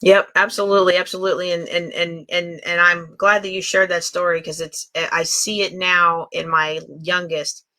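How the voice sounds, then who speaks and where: Bright emphatic woman co-host. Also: lowish voice, flat delivery, normal speed, few pauses. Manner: emphatic, motivational. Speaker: podcast co-host. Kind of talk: casual chat.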